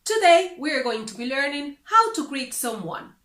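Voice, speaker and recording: Bright, lively woman Spanish teacher. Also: high voice, reverberant. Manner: upbeat, careful, explains slowly. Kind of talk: beginner language lesson.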